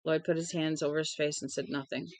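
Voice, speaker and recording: A woman's voice: low voice, fairly even intonation, fast talker, darkish tone, no echo, poor audio. A woman reading a novel aloud steadily, with small slips and restarts now and then. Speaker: audiobook reader.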